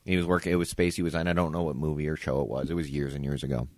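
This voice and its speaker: A man's voice: very deep voice, rapid-fire, dry recording. A man co-hosting a podcast, telling a story in a casual chat over drinks at someone's home and acting out the quotes. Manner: animated storyteller, acts out quotes. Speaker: podcast co-host. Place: indoors, home.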